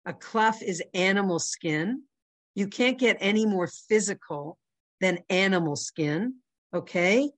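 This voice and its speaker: A woman with a Canadian accent teaches an informal religious class at an ordinary pitch. She talks conversationally and keeps checking in with her listeners. The recording is dry and close. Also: animated, measured pace, no room sound. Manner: conversational, checks in with "right?" and "you know".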